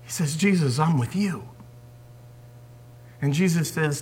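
A man preaching a sermon as a pastor, swinging from forceful emphasis down to hushed whispers. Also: on the high side, unhurried, long pauses, breathy edge.

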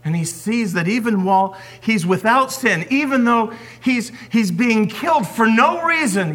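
A man preaching a sermon as a pastor, swinging from forceful emphasis down to hushed whispers. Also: high-pitched, expressive, measured pace, few pauses.

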